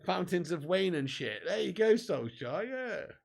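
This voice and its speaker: This high, gravelly voice belongs to a young man who speaks unhurriedly while hosting a live football watch-along. Between commentary and viewer comments, he curses plenty, laughs a lot, jokes with his audience and livens up whenever a chance or goal comes.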